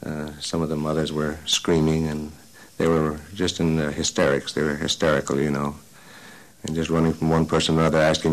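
A man's voice: rumbling low, little pitch movement, fairly quick, rough recording. A man describing a chaotic scene in an interview, hesitant and full of fillers. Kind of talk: interview testimony.

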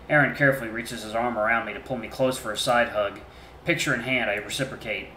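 Bright-voiced man hosting a Let's Play. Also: mid-range voice, fast talker, reverberant, a little hiss or hum. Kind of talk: casual Let's Play reading and narration.

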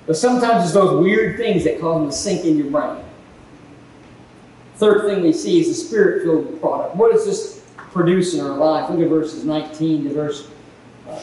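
Male pastor, high voice, animated sermon storyteller; echoey church hall from a distance, faint noise. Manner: animated storytelling, acting out quoted exchanges.

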